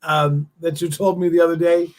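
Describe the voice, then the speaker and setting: A man's voice: on the high side, little pitch movement, normal speed. A man hosting a casual talk show who teases his guest playfully. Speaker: host.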